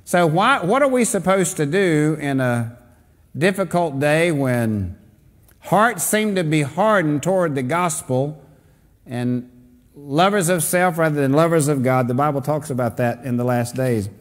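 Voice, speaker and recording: Man, pastor, fairly high voice, reads scripture then explains it, church hall reverb. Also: lively intonation, unhurried. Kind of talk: Bible study teaching.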